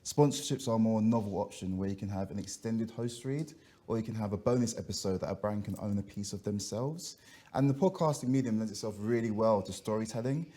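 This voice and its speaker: A man, head of advertising sales, explaining ad options on a business panel in a steady way. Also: lowish voice.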